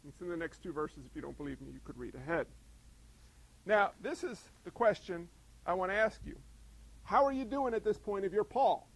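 A man preaching a sermon in an animated way, acting out voices and asking the congregation questions. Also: high voice, moderate pace, low-quality recording. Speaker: pastor.

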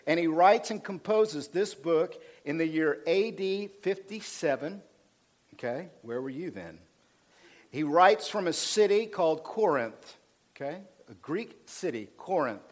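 A male pastor preaching a sermon, swinging from loud emphatic passages to quiet asides, fired up. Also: big pitch swings, a little slow. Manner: preaching with rising intensity, dropping low for asides.

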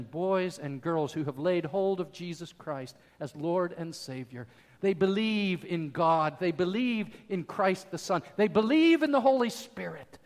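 A man preaching a sermon as pastor, emphatic, swinging from loud declarations to quiet asides. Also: high voice, big-room sound.

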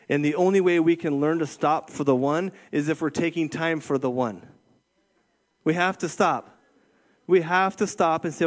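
A middle-aged man giving a conversational sermon as a youth ministry director, often checking in with his listeners. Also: mid-range voice. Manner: conversational, keeps checking in with "right?". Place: church room with an audience.

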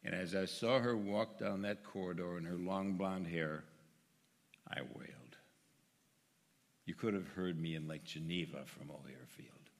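Deep-voiced older man giving church testimony. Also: a little slow, big-room sound. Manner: earnest storytelling, dropping quiet then rising loud and emphatic. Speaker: church member speaking to his congregation. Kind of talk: personal testimony. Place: church sanctuary.

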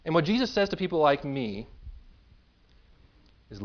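A man's voice: a little high, very animated, a little slow, highs cut off. A male pastor preaching a sermon, emphatic and self-deprecating, stacking words up to a point. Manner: emphatic, building lists to a peak, with self-deprecating humor.

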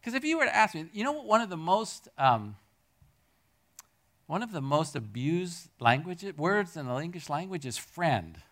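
A middle-aged man preaching a sermon to his congregation. He tells stories in an animated way, jumping from loud peaks to near-murmurs. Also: on the high side, moderate pace. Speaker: pastor. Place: church hall with a congregation.

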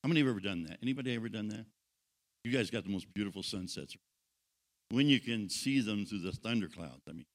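A man preaching a sermon, dropping to hushed intimate tones and building up again, asking the congregation questions and joking with them. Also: on the low side, expressive, fast. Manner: dynamic pacing, drops to hushed intimate tones then builds.

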